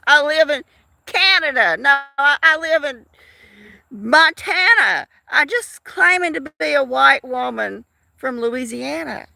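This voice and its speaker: A woman's voice: high voice, animated, slow, vocal fry, pushed and bright, dry recording. A woman in her fifties, chatting casually to viewers of her live stream in a rambling, talkative way. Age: 50s. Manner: rambling, chatty, with frequent restarts and laughs.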